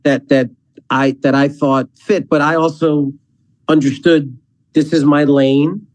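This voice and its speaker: A man with a slightly raised pitch speaks as a podcast guest. He is relaxed and conversational, though his sentences stop and restart while he works out what he means. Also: low-quality recording. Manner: halting, repeats words while thinking. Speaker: athletic director, guest.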